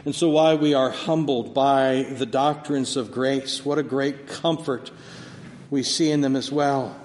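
A man giving a sermon as pastor, preaching dynamically and swinging from soft, slow words to loud emphasis. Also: medium pitch, fairly even intonation, slight background noise. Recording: long hall reverb, faint ambience.

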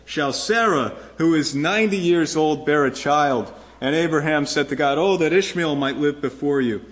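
A middle-aged man preaching a sermon, his voice sitting a little higher than most men's. He talks earnestly and with emphasis, repeating key phrases and lifting his voice when he quotes a promise. He addresses his congregation directly. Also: normal speed. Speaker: pastor.

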